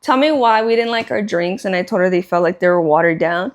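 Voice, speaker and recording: A woman's voice: on the low side, a little fast. A young woman, chatting casually as a podcast co-host, rambling with lots of "like" and casual swearing. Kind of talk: casual chat.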